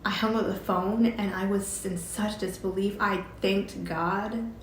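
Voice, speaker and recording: A woman's voice: medium pitch, steady tone, a little slow, a little hiss or hum. A woman casually telling a personal story, chatty and often laughing as she recounts conversations. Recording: roomy echo with faint ambience.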